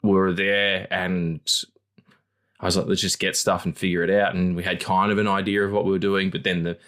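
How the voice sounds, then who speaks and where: A man co-hosting a podcast, rambling in casual chat, swearing freely and acting out quotes in squeaky voices. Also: little pitch movement, fairly quick, a bit bright. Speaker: podcast co-host.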